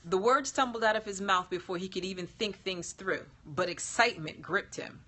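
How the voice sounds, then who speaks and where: A woman reading an erotic story aloud in a slow, sultry narration that sometimes drops to a whisper. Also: on the low side, expressive, pushed and bright, husky. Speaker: erotica reader. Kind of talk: scripted narration.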